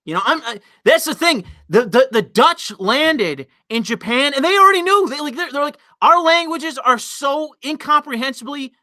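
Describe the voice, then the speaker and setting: A man with a high, bright, forceful voice rants on his livestream, rambling and swearing as he answers the chat. He tries to provoke his viewers on purpose. His desk mic is close, and the sound is dry. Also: very animated, no room sound. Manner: rambling, profane, deliberately provocative. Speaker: livestream host reading chat. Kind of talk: casual livestream rant.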